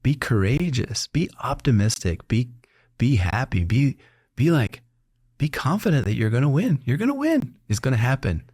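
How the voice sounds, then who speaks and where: At normal speed and with a slightly rough mid-range voice, a middle-aged doctor hosts a casual podcast interview in clean studio sound with no echo. He tells stories animatedly, laughing often and imitating the people he quotes.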